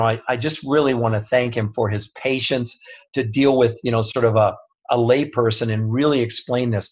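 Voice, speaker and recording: A man speaking as a guest co-author over an online call, earnest and humble, with many restarts. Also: medium pitch. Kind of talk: casual talk on a call. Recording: dull lo-fi online audio.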